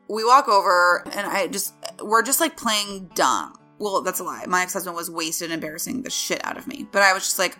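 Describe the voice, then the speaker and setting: A woman in casual chat telling an animated story fast, full of "like" and quick asides. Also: medium pitch, soft background music. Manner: fast, animated, lots of fillers like "like". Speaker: entertainment interviewer telling a story.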